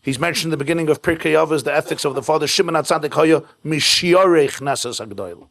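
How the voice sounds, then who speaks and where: A man's voice: a little high, quick pace, creaky, fairly bright tone. A man, a rabbi, giving a keynote sermon at a home event, mixing jokes with storytelling in short, punchy repeated phrases. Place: private home event with live audience.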